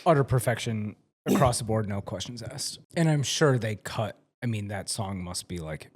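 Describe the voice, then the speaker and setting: A man's voice: lowish voice, lively intonation, normal speed. Enthusiastic man chatting by gut feel. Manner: enthusiastic, talks by gut feeling. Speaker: podcast co-host. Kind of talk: casual chat.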